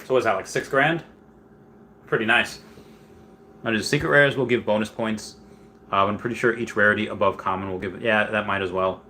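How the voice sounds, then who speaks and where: Chatty livestreaming man with a bright voice. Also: on the low side, brisk, long pauses, a little hiss or hum. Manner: chatty, rambling, reads viewer comments aloud; swings into loud excited bursts. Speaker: livestream host. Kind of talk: casual livestream chat.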